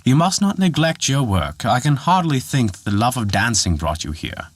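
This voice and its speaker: Little old forest dwarf, scolding, exasperated, bouncy lively pitch, dry close sound, voiced by a man. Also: normal speed, breathy edge, no room sound. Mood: earnest.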